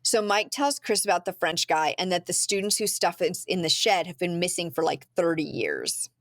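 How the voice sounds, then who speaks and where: A woman's voice: on the low side, very animated, normal speed, dry recording, clean studio sound. Chatty woman podcast host recapping a film. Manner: chatty storyteller with frequent "um" and "like". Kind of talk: casual chat recapping a film.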